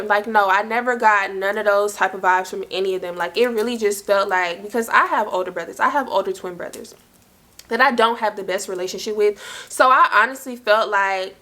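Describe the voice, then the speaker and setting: A young adult woman from South Carolina tells her viewers a personal story in storytime vlog style, animated and slangy, peppering it with "like" and "y'all." Her voice is medium-pitched and a little fast.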